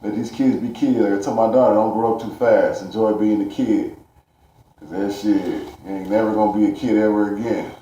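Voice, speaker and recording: A man's voice: on the low side, steady tone, brisk, dark tone, dull audio, slight background noise. A man telling a rambling, profane story in street slang, ranting to camera. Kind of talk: casual storytelling rant. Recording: echoey room.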